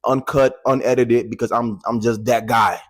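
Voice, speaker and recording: A man in his twenties talking to viewers in a casual, animated testimony, repeating phrases for emphasis, into a handheld microphone. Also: mid-range voice, normal speed. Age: 20s. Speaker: vlogger.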